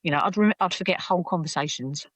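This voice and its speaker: A woman's voice: on the low side, quick pace, no echo. A woman, a podcast guest telling her own story candidly, acting out what people said, with many restarts. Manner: animated, acts out quoted voices, many restarts.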